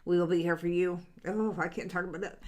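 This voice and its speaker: Middle-aged lady rambling on her live stream, earnest and upbeat, lots of ums, lowish voice. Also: fairly even intonation, fast. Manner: rambling, with many fillers and restarts. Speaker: psychic reader hosting a live stream. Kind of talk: casual live-stream chat.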